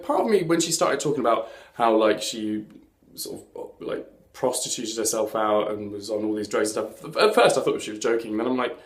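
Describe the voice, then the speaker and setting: A man hosting a casual TV recap chat, camp and chatty, full of sassy asides. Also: fairly high pitch. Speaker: host of a TV recap show. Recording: echoey room.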